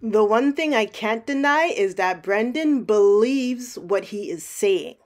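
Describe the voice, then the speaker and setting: A woman's voice: mid-range voice, animated, slow pace. A woman giving sarcastic mock-detective commentary over clips, probing and building a case point by point. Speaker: commentary narrator.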